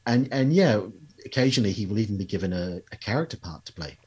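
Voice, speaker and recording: Male host, low and husky, measured casual interviewer. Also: expressive, darkish tone. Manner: measured, asks questions. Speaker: podcast host.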